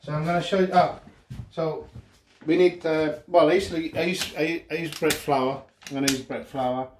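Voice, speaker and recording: A middle-aged man from northwest Spain talks through a recipe in a loose, rambling way, tossing in fillers and little "yeah?" checks. His voice sits a little high for a man. The kitchen rings with echo, and chopping and sizzling carry clearly behind him. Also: fairly even intonation, normal speed. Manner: chatty, rambling, frequent fillers and tag questions. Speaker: cooking show host. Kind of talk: casual cooking demonstration. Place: home kitchen. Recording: echoey kitchen with cooking noise.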